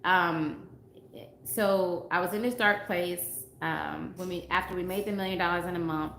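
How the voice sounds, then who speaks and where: A dating coach addresses her livestream viewers casually, earnestly stressing and repeating her points while reading comments aloud. Her lowish voice is a bit bright with fairly even intonation at a moderate pace, and the room sounds spacious with faint background noise.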